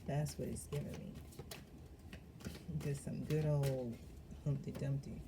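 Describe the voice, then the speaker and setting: Deep-voiced giggly woman reading tarot. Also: flat delivery, slow, noisy background. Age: adult parent of young children. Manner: giggly, breaks into laughter often; chatty, addresses viewers as y'all. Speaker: tarot card reader. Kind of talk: casual tarot reading to camera.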